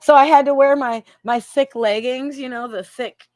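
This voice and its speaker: A woman's voice: high-pitched, fairly even intonation, moderate pace, darkish tone. A woman from Michigan, a psychic hosting a live stream, chatting casually and emotionally, laughing often and repeating herself.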